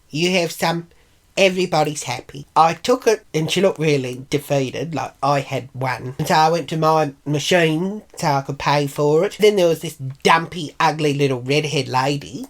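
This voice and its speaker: Brash, foul-mouthed Australian woman, low voice. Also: normal speed. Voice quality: brash, profane, mimics others in high voices. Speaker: vlogger. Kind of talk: casual storytelling.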